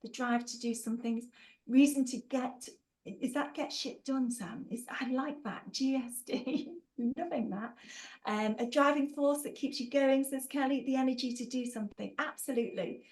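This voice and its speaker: A woman's voice: sits high, normal speed, darkish tone, poor audio. A woman hosting a live online workshop, bubbly and playful, reading out chat replies with teasing asides and frequent laughter.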